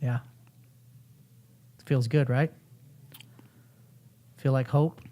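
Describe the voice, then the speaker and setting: Male podcast host, fervent profane coach, mellow warm voice. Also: medium pitch, steady tone, drawn-out words, a little hiss or hum. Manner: intense, profane, fervent pep talk. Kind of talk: motivational coaching session.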